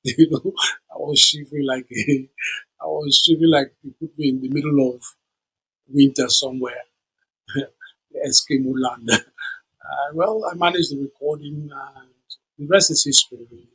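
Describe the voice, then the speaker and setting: A man in his sixties with a strongly husky, grainy voice. He is a guest in an interview, telling stories in an animated way and slipping into the voices of the people he quotes. His pitch sits in an ordinary middle range. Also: normal speed, long pauses, poor audio. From Nigeria. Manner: animated storyteller who acts out the people he quotes. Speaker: guest musician. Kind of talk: storytelling interview.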